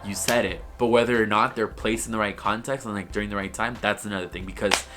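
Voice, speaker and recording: A man's voice: fairly low pitch, steady tone, fast, music in the background. A young man vlogging in casual, gossipy commentary, rambling and swearing freely, with lots of "like.". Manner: profane, rambling, heavy use of "like". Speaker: YouTube vlogger.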